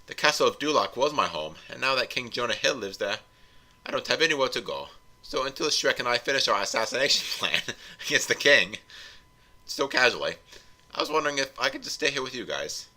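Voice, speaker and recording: A man's voice: mid-range voice, big pitch swings, a little fast, sharp tone, pitched above the performer's own voice, heavily acted. Man playing a silly homeless little lord.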